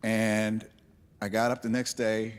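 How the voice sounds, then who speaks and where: A man telling a personal story on stage in a candid, reflective way, with halting restarts. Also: fairly low pitch, monotone, clear, resonant tone.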